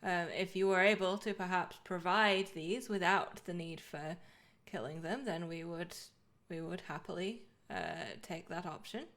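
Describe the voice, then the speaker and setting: Give voice to a snooty, elitist heron , played by a woman at a game table. The speech is slow, formal and hesitant, picking its words with stiff politeness. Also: lowish voice, a bit bright. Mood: formal, polite. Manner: halting, formal, hesitant phrasing.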